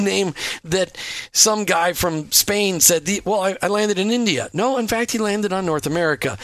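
A man's voice: high voice, fairly bright tone, no room sound. A man hosting a Christian talk radio show, upbeat and jokey, plugging the show between questions.

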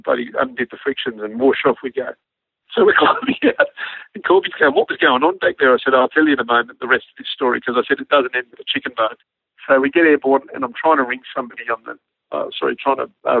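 Australian male storyteller, gravelly, dry phone-like sound; acts out radio calls and laughs through the tale. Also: medium pitch, expressive, fast, no room sound. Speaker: former army helicopter pilot telling a story. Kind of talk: casual anecdote.

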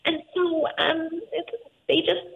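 A woman's voice: very high-pitched, level tone, takes it slowly, vocal fry. A woman telling a painful personal story, tearful, her voice close to breaking. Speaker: guest. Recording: phone-like narrow line.

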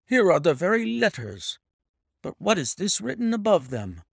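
A man reading a story voices an obstinate, blustering older English gentleman who talks in a gruff, dismissive way. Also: sits high, big pitch swings, normal speed, no echo, clean studio sound, exaggerated voice. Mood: startled.

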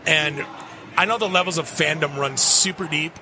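A high-pitched man from the Detroit area tells rambling, joking stories as he hosts a podcast from a booth on a convention floor. Steady noise from the hall runs behind his voice. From Detroit area, Michigan. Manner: rambling storyteller, joking, quick asides. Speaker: podcast host. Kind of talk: casual convention chat.

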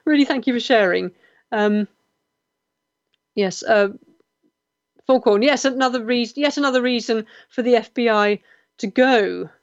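Chatty English host with a dull, dry sound. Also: female voice, on the high side, no room sound. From West Country of England. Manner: chatty, earnest, quick to react to viewers. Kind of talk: live-stream chat show, reading comments.

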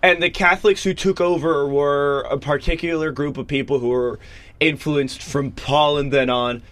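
A young man talks eagerly through a long explanation, rambling and circling back as he goes. His voice sits a little high for a man. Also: steady tone, moderate pace, fairly bright tone. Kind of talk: casual discussion.

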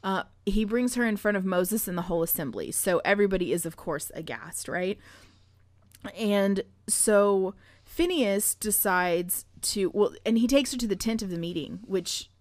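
A woman co-hosting a podcast, her voice at an ordinary middle pitch. She retells stories in an animated, profane way and laughs often. The sound is dry and close, with no room echo. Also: moderate pace. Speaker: podcast co-host. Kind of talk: casual irreverent chat.

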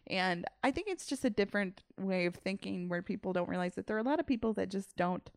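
A woman's voice: medium pitch, animated, quick pace, no room sound, clean studio sound. A woman podcast host chatting casually, in a laid-back, rambling way. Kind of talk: casual chat.

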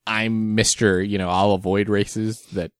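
A young man in casual conversation, speaking in a somewhat low register. He rambles easily with fillers and small laughs. The sound is close and dry with no room around it. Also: unhurried, smooth, no room sound. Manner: relaxed, chatty, with fillers and laughs. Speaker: podcast co-host. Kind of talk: casual chat.

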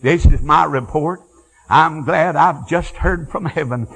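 An older man preaching a fiery revival sermon, moving from quiet storytelling to shouted praise. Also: fairly high pitch, measured pace, low-quality recording. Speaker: evangelist.

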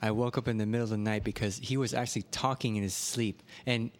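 A man's voice: on the low side, steady tone, quick pace. A man co-hosting a podcast, telling a childhood story in casual chat. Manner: storytelling with acted quotes. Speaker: podcast co-host.

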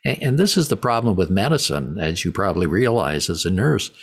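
Casting: middle-aged male host, very low husky voice, halting and emphatic. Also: big pitch swings. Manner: halting, repeats words, emphatic. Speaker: podcast host. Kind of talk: interview conversation.

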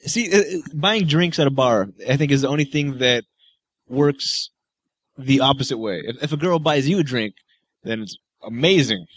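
A man co-hosting a podcast, chiming in with quick comments and laughs. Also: medium pitch, expressive, fairly bright tone, no echo. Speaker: podcast co-host. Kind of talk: casual banter.

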